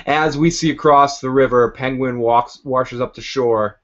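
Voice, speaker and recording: A man's voice: medium pitch, steady tone, a little slow, hardly any pauses, dull audio. Rambling man recapping a TV episode. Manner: rambling, chuckling, acts out scenes. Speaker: show recap host. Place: basement.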